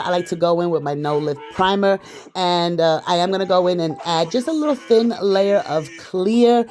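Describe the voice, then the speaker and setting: A man's voice: sits high, darkish tone. A man chatting casually to viewers while walking through a nail tutorial. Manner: chatty, addresses viewers as "girl". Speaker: nail artist.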